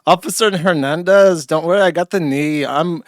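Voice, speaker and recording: A male host giving crude, sarcastic, excitable commentary over footage of an arrest. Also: a little high, normal speed, no room sound, studio quality.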